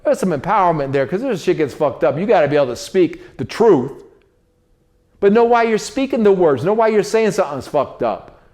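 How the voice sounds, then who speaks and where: A man's voice: high voice, very animated, brisk, a little mellow. A man hosting a casual spoken monologue, preachy and repetitive, talking in street slang. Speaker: host.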